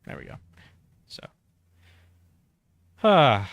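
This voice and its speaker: A man's voice: medium pitch, moderate pace, a bit bright, dry recording, clean studio sound. A man hosting a casual podcast, running a trivia quiz and reading quotes aloud, chatty and correcting himself as he goes. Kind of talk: casual chat.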